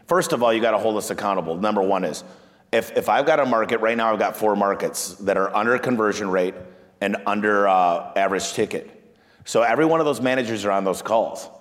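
Energetic man telling business stories. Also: fairly quick, long reverb tail. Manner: energetic storyteller, acts out quoted clients in a higher voice. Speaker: business owner. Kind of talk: animated business talk.

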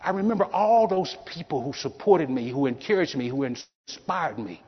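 A man's voice: a little high, expressive, normal speed, breathy edge. Middle-aged man giving a keynote in a hall. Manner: emotional storytelling with repeated phrases. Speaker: motivational keynote speaker. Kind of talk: motivational keynote speech. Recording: reverberant hall, dull sound.

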